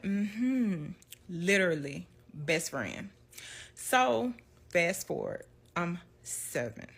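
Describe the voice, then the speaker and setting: Animated woman telling a story. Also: fairly low pitch, breathy edge. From Southern US. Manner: animated, laughs often, acts out quotes. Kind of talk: storytime vlog.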